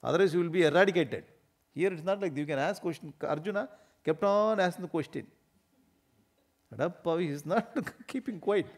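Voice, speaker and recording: Animated swami, fairly high voice. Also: male voice, brisk. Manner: animated, emphatic, often laughing mid-sentence. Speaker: swami giving a spiritual discourse. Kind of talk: spiritual discourse to an audience.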